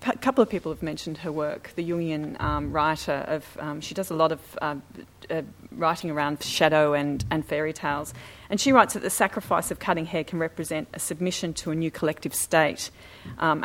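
Low-voiced woman co-presenter, emphatic and chatty, speaking to an audience. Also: a little hiss or hum. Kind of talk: presentation with slides. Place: talk before an audience.

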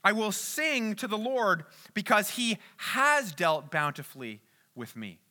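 A man with a high, very bright and forceful voice preaches a sermon. He talks earnestly, climbing to loud, urgent peaks and then sinking to quiet, hushed passages. His tone stays sharp and ringing throughout. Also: big pitch swings, unhurried. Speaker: pastor.

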